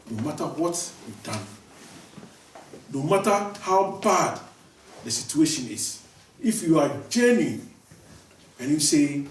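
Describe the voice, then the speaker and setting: A man's voice: fairly high pitch, lively intonation, a little slow, long pauses, a little hiss or hum. A male preacher giving a sermon, repeating his key lines for emphasis and often restarting his sentences. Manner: repetitive, emphatic, many restarts. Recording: echoey room, voice from far off.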